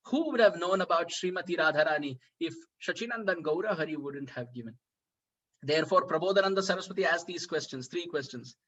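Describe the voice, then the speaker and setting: High, bright-voiced man preaching. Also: brisk, poor audio. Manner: rhetorical questions, chuckles often. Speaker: spiritual speaker. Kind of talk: devotional lecture.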